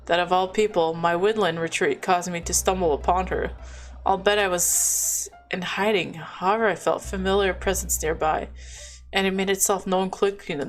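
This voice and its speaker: Woman reading a game aloud, low voice. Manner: reads dialogue and narration, breaks off with chatty asides. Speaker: game narrator. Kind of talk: reading a visual novel aloud with asides.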